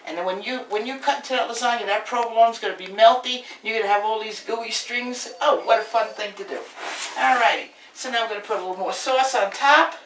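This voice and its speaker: A Brooklyn woman with a New York accent hosts a home cooking demo, telling stories in a chatty, brash way. Her voice sits on the high side and moves a little fast, with a fairly bright tone. A distant camera mic across the indoor kitchen picks up echo and a little hiss or hum.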